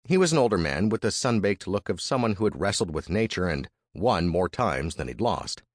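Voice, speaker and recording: A man's voice: low-pitched, big pitch swings, fairly quick, slightly rough, no room sound, studio quality. A man reading a first-person historical story as narrator, with dramatic, vivid storytelling.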